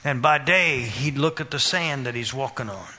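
A man preaching a sermon, questioning the congregation and repeating phrases in a steady rhythm. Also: mid-range voice, normal speed. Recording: reverberant hall.

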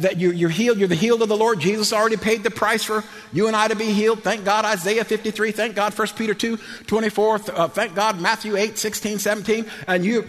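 Animated preacher in a reverberant hall. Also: male voice, high-pitched. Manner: animated, laughing, swings from loud to quiet. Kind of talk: sermon.

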